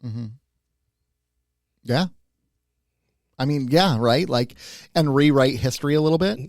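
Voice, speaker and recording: A man's voice: medium pitch, a little slow, no echo, studio quality. A man co-hosting a casual podcast, musing aloud and often checking in with "right?". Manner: musing, thinks aloud with many "right?" tags. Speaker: podcast co-host. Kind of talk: casual chat.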